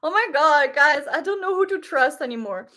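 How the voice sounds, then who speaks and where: A woman hosting a casual live stream, talking in an excitable, gushing way with lots of fillers. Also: high-pitched, normal speed. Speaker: live stream host reacting to a series. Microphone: webcam setup.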